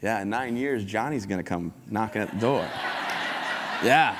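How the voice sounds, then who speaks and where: A man's voice: lowish voice, lively intonation, moderate pace, heavy background noise. A man in his thirties giving an upbeat, joking motivational talk from a stage, acting out little scenes and voices. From United States. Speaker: keynote speaker. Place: conference hall stage before an audience. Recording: long hall reverb.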